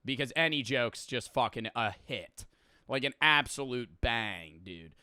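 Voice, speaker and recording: A young man reacts to a comedy video, rambling in a lively, swinging voice and swearing freely. His tone is bright and crisp, and the recording is close and dry. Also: mid-range voice, measured pace, no room sound. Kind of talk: casual reaction commentary.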